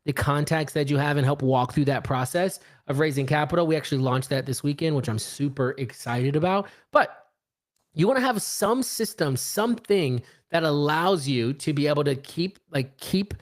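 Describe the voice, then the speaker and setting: A man's voice: fairly high pitch, animated, normal speed. A man in his late thirties giving a casual live-streamed business talk, acting out little dialogues as he goes. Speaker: real estate investor and speaker.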